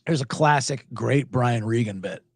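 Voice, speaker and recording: A man's voice: medium pitch, normal speed, gravelly, husky, no room sound, clean studio sound. A man hosting a sports betting podcast in a casual, rambling chat that swears now and then. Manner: animated, rambling and profane, with many restarts.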